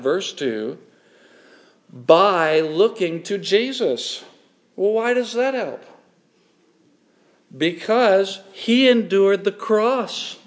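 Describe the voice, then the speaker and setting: A middle-aged man delivers a sermon in a somewhat high voice. He speaks slowly and deliberately, with earnest conviction, and he builds into emphatic, repeated phrases. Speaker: pastor.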